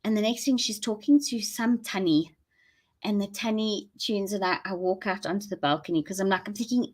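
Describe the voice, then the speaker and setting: A woman's voice: mid-range voice, brisk. A woman with a South African accent, chatting casually and rambling to viewers during a live stream, laughing often. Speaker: livestream host.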